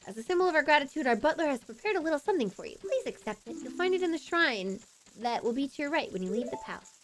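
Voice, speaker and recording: A woman voicing a bossy, fierce young female plant-creature princess with a high, commanding voice. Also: sing-song, quick pace, slight background noise. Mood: formal. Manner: commanding, high-pitched scolding.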